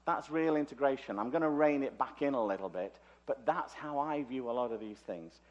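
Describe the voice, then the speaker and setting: A man's voice: medium pitch, lively intonation, fairly quick, lo-fi sound. A man from Liverpool with a British accent, lecturing at a conference with chatty, joking asides. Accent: British English. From Liverpool, England. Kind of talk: conference talk. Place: conference hall.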